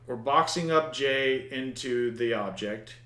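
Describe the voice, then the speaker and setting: A man's voice: mid-range voice, slow, bright, forceful tone. Guy walking thru code, mutters at it, restarts words a lot, echoey room. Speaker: programming instructor. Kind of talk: screen-recorded coding lesson.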